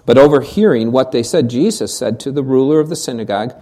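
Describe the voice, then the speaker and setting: A pastor preaches at a quick pace in a medium-pitched voice, firing rhetorical questions at the congregation. When restarting a thought he repeats words, and he often drops to a hushed near-whisper to press a point home.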